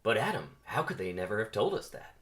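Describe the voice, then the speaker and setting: A man's voice: lowish voice, very animated, fast, a bit bright. A man voicing a questioning, incredulous young male bee.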